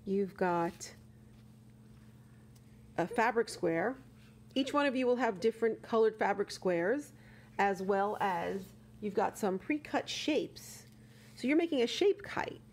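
A woman reading a picture book to children and then explaining a craft, gentle and exclamatory, often asking the children questions. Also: mid-range voice, slow pace, pauses often. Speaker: children's librarian. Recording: steady background hum.

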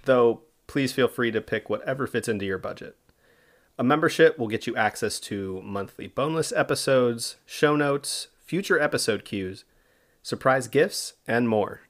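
A man of middle pitch hosts a history podcast and reads his prepared story at a steady clip. Between the scripted parts he slips into loose, easygoing chat with his co-host. The sound is a clean podcast microphone. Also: normal speed. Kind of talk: scripted history narration mixed with casual chat.

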